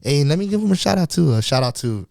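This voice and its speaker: A man's voice: a little high, sing-song, quick pace, creaky, a little mellow, dry recording, clean studio sound. A man guesting on a podcast interview, talking in a laid-back, slangy way and laughing often. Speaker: guest singer.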